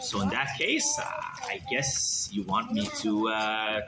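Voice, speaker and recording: A man's voice: lowish voice, huge pitch swings, slow, pitched below the performer's own voice, exaggerated voice. Man voicing a patient, kindly old rebbe. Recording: roomy hall with background noise.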